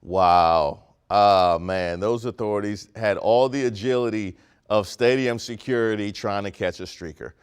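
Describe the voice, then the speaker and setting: A man's voice: lowish voice, unhurried, clean tone. A man from Maryland hosting a comedic news segment, delivering wry, sarcastic commentary. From Prince George's County, Maryland, US.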